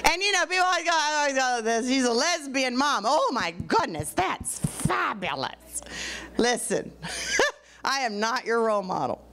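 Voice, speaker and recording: High-voiced female stand-up comic. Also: animated, sharp tone, a little hiss or hum. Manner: chatty, drawn-out delivery with fillers. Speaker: stand-up comedian. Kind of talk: stand-up routine.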